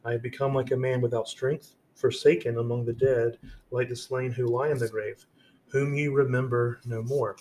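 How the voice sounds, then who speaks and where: A man teaching on a devotional podcast, his mid-pitched voice moving in a flat, narrow band. He reads verses aloud, then talks them through casually with restarts, over a faint hum in the background. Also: normal speed. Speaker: podcast host. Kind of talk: devotional teaching with scripture reading.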